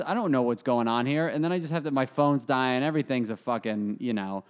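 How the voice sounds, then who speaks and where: A man's voice: medium pitch, quick pace, clean tone. A young man co-hosting a podcast, telling a rambling, crude story in casual chat. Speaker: podcast co-host.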